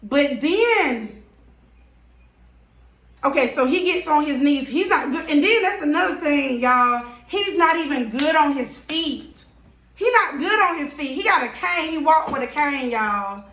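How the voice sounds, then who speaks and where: A high-voiced woman vlogger recounts a story with exasperated, animated emphasis, taking her time over the words. Her voice rings in a roomy, echoing space. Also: unhurried. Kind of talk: storytime vlog. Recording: roomy echo.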